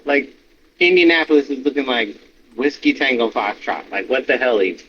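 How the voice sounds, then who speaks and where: A man co-hosting a podcast, talking casually and animatedly, swearing a lot and acting out reactions in high yelps. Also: brisk. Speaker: podcast co-host. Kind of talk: casual wrestling chat. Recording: slightly dull with faint noise.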